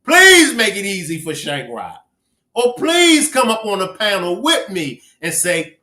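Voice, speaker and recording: A livestream host with a Baltimore accent jokes playfully with viewers and reads their names aloud on a casual stream. His voice sits high with wildly swooping pitch, bright and forceful yet unhurried, in a room with noticeable echo.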